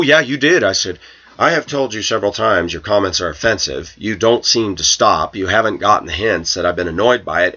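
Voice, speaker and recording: Telling his viewers about a coworker in a storytelling rant to camera, a man sounds aggrieved and indignant, quoting her and himself in a raised voice. His low voice is pushed and bright, and the highs are cut off.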